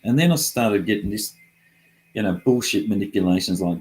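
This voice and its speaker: A man's voice: sits low, brisk, a little mellow, slight background noise, poor audio. A middle-aged man talking casually and heatedly, frustrated and swearing often as he rambles through his complaints.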